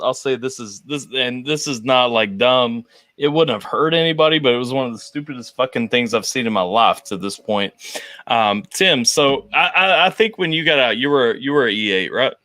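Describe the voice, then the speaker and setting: A man co-hosting a casual podcast, telling army stories with profanity and animated, high-pitched quoting. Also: no room sound. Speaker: podcast co-host, army veteran. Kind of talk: casual storytelling chat.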